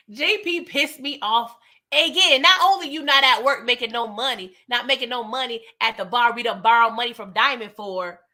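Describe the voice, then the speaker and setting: A woman with a bright, fairly high voice talks straight to her live chat as she recaps a TV episode. She is animated and acts out the characters' lines as she goes. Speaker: TV show recap host.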